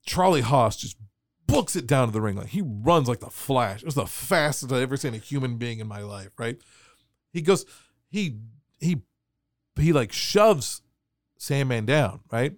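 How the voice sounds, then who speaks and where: A man telling a story on a podcast in a casual, animated way, laughing and acting out the voices of people in his anecdotes. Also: medium pitch, normal speed, no echo, clean studio sound. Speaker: wrestling referee telling a story.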